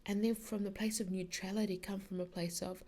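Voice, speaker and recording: A woman's voice: mid-range voice, flat delivery, a little fast, warm tone. A middle-aged woman hosting a podcast, talking casually and rambling with lots of fillers and restarts about spiritual ideas. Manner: chatty, rambling, many "like"s and restarts. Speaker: podcast host.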